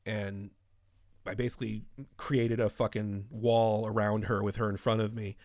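A man's voice: on the low side, little pitch movement, moderate pace, darkish tone, no echo, studio quality. A man in his thirties telling rambling, profane stories in a casual podcast chat.

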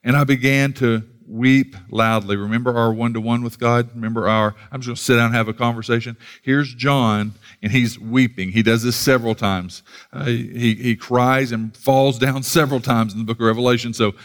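A man's voice: medium pitch, fairly even intonation, fairly quick. A man from the United States preaching a sermon, earnest, often repeating words as he starts a thought and reading scripture aloud. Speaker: pastor.

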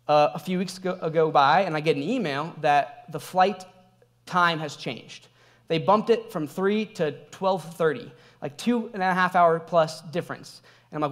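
A young adult man, a pastor, preaching a sermon in a conversational, animated way, telling a personal story with laughs. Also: fairly high pitch, moderate pace.

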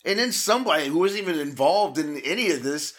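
Brief: man, bright slightly raised voice, relaxed and profane, co-host chat. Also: on the high side, quick pace. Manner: laid-back, profane, chuckling asides. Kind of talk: casual storytelling chat.

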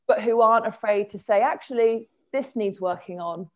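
A woman hosting a casual chat, animated and quick to laugh, talking in rambling restarts. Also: medium pitch. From England.

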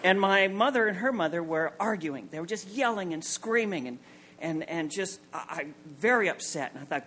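A man's voice: sits high, animated, moderate pace, pushed and bright. A man in his forties telling a comic, self-mocking personal story on stage at a story night, acting out the people in it. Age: 40s.

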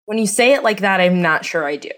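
A woman's voice: medium pitch, quick pace. A woman as a podcast guest in casual chat, trading dry jokes. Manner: jokey, deadpan quips.

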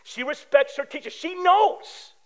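A man from preaching a sermon as pastor, animated and telling stories with acted-out quotes. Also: extremely high pitch, measured pace, low-quality recording.

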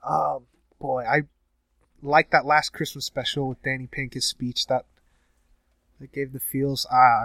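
A man's voice: mid-range voice, fairly bright tone, dry recording. Young man, podcast co-host, loose and rambling, dry studio sound. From United States. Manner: rambling, laughs easily, repeats words. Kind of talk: casual podcast chat.

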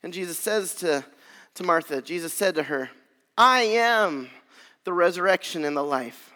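A man preaching a sermon as pastor, earnest and swelling louder on key phrases. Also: sits high, lively intonation, moderate pace, in a large hall.

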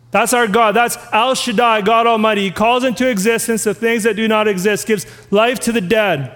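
A man with a strikingly high voice preaches a sermon. He reads scripture aloud and keeps putting questions to his listeners. His voice rings with a long reverb in a church hall. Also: fairly bright tone. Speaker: pastor.

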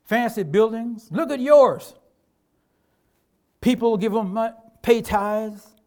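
A preacher voicing a mocking, taunting devil. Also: male voice, very high-pitched, slow, a little mellow, full character voice. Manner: mocking, goading. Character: sneering male devil, taunting and accusing.

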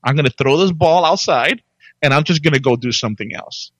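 A man chatting casually as a podcast guest, telling his career story with lots of restarts and animated jumps when he quotes himself. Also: fairly high pitch, fairly quick, dry recording, low-quality recording.

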